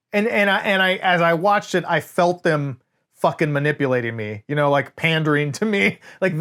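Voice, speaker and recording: A man co-hosting a casual movie review, talking animatedly and swearing freely. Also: on the high side. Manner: animated, swears often, quotes scenes in voices. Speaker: podcast co-host.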